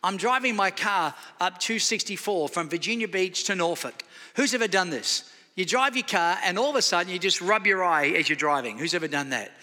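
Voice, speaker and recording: A man's voice: high-pitched, brisk, hardly any pauses, in a large hall. An Australian man in his fifties preaching a sermon, telling stories with acted dialogue. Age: 50s. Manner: storytelling with acted dialogue, animated. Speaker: pastor. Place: church sanctuary.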